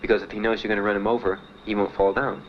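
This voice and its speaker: A young veteran gives testimony in a slightly low voice, plain and halting, full of pauses and fillers. The recording is muffled and dull, like an old 1970s archive tape. A faint hiss sits under his voice. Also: flat delivery. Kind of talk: spoken testimony.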